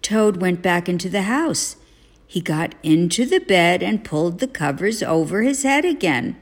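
A woman reading a children's storybook aloud as a parent, narrating gently and expressively. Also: lowish voice, sing-song, unhurried.

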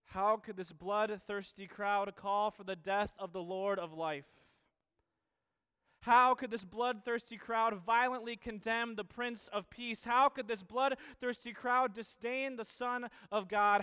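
A man preaching a sermon, earnest, asking the same questions again and again with pauses and restarts. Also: sits high, bright, forceful tone, clear, resonant tone.

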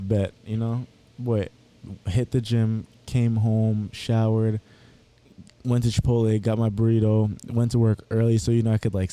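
A young man with a very dark, warm voice at an ordinary pitch. He tells his stories in an easygoing way in this casual chat. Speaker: podcast co-host.

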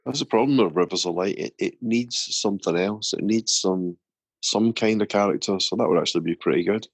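A man's voice: on the low side, brisk, husky, dry recording. A British man co-hosting a casual podcast chat, agreeable and thinking aloud. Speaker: podcast co-host.

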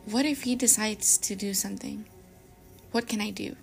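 A young woman hosting a podcast, reading scary stories aloud dramatically and dropping to a hush at tense moments. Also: mid-range voice, moderate pace, creaky, soft background music. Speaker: podcast host.

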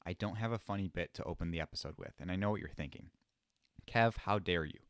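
A young man hosting a solo podcast, rambling in an excited, self-deprecating way. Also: deep voice, very fast, dry recording, studio quality. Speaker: podcast host.

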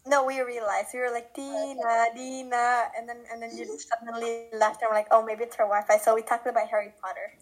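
Teen girl gushing on a call, kinda high voice, lots of likes. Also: little pitch movement, fairly quick, few pauses, poor audio. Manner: enthusiastic, filler-heavy. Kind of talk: casual video-call chat.

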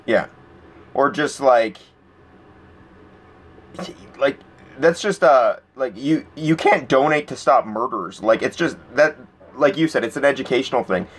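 A man chatting on a casual podcast, his pitch swinging widely as he acts out what people said. He tells stories animatedly and laughs a lot. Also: expressive, measured pace, long pauses, breathy edge. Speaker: podcast host.

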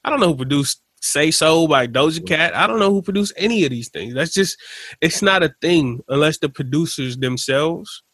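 A man co-hosting a podcast in casual chat, telling stories in a rambling, animated way. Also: fairly high pitch, normal speed, breathy edge, no echo. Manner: rambling, animated storytelling with laughs. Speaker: podcast co-host.

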